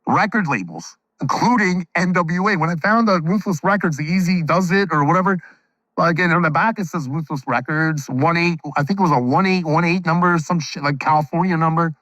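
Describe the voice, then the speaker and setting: A man's voice: a little high, brisk, fairly bright tone, dry recording, low-quality recording. A middle-aged man casually retelling his own story, loose and profane, acting out the people he quotes. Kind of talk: casual anecdote.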